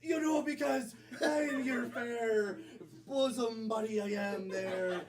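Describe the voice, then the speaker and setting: A man's voice: extremely high pitch, slow pace, rough recording. A man improv performer narrating a made-up story on stage in an upbeat way.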